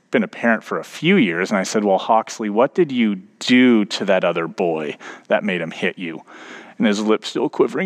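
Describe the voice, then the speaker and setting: A man's voice: fairly low pitch, expressive, normal speed. A man in his thirties, a pastor preaching a sermon, telling a story and building to emphatic points.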